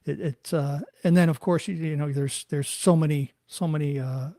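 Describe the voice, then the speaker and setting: A man hosting an interview, talking haltingly and searching for words, with many restarts. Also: on the high side, fairly even intonation, dark tone, no room sound, studio quality. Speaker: podcast host. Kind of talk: casual interview talk.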